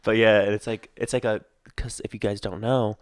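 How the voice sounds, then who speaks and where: A man's voice: on the low side, flat delivery, fairly quick, smooth, no echo, studio quality. A young man co-hosting a podcast, talking in a laid-back way and laughing a lot. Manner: laid-back, laughs often, lots of fillers. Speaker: podcast co-host. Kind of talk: casual chat.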